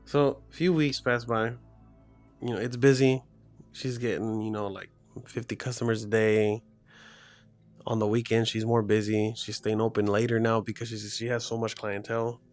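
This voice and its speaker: A man's voice: on the low side, flat delivery, moderate pace, darkish tone, soft background music. A man casually retelling a horror story, rambling with lots of "like" fillers and restarts.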